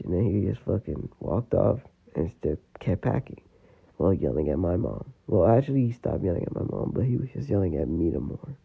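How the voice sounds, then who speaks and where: Man, casual storyteller, gravelly and husky, tinny phone-line sound. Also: deep voice, expressive, normal speed. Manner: rambling, full of "you know" and "like".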